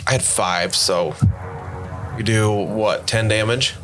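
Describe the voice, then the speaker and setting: A man's voice: on the low side, slow pace. A man running a tabletop game as game master, telling the scene with a laugh and a playful manner. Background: background music.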